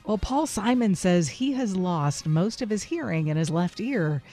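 A woman's voice: medium pitch, expressive, measured pace, mellow, soft background music. A woman hosting a radio show, chatting through entertainment news and quizzing her co-host. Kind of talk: casual entertainment news chat.

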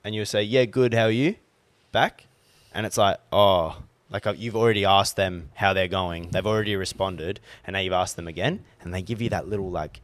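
A man co-hosting a podcast, telling funny stories in casual, swearing chat. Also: low voice. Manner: laughing, swearing, animated storytelling. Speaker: podcast co-host.

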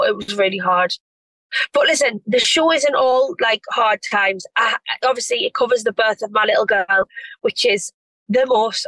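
A woman's voice: medium pitch, pushed and bright, no echo, low-quality recording. Gushing woman, dry mic. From North East England. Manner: effusive, gushing, lots of restarts. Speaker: reality TV star guest. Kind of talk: casual chat.

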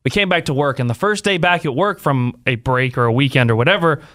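A man's voice: medium pitch, fast, a bit bright. A man from Northern California, a radio host joking and laughing through a casual chat with his co-host.

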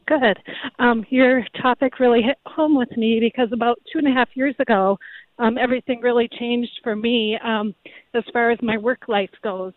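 A woman's voice: a little high, steady tone, moderate pace, dry recording. Woman caller, out of breath, chatty, outdoors, tinny dry phone line. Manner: chatty, laughs while talking. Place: outdoors on a river trail.

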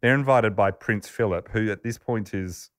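Man, casual podcast storytelling, animated and chatty, deep voice, dry sound. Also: moderate pace, no echo. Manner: chatty, animated, laughs while telling anecdotes. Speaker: podcast host telling a story.

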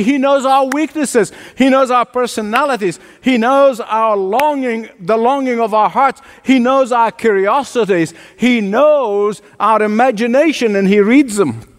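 A man preaching a sermon, emphatic and direct, often dropping to a low, quiet voice for effect. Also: in a large hall. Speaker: pastor.

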